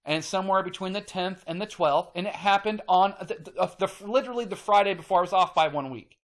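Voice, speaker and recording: A man's voice: sits high, quick pace. A man hosting his own channel, ranting emphatically to the camera, repeating himself, swearing casually and getting worked up. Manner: emphatic, repetitive, gets worked up. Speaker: channel host.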